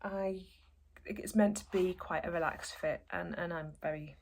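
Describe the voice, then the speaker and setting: A woman's voice: fairly low pitch, steady tone, moderate pace. A woman hosting a podcast, chatting casually to camera at home and rambling as she corrects herself. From northeast England. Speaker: podcast host.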